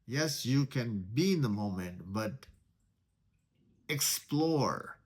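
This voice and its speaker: A man with a medium-pitched voice teaches meditation in a spiritual talk, speaking deliberately, repeating key words, and posing rhetorical questions.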